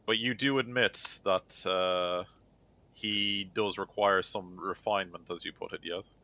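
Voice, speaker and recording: A man voicing a neutral, impassive male Inquisitor judge who speaks in measured, formal sentences, on a dull lo-fi recording. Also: low voice, steady tone, pushed and bright, exaggerated voice.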